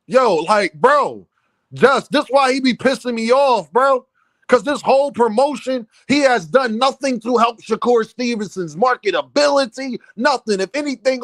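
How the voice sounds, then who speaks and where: A man hosting a casual boxing commentary stream, heated and animated, often repeating himself and breaking into near-shouts. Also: extremely high pitch, dry recording. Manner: many restarts and repeated fillers.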